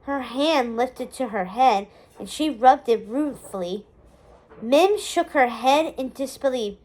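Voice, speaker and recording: Woman storyteller reading a novel aloud, slow and expressive. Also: high voice.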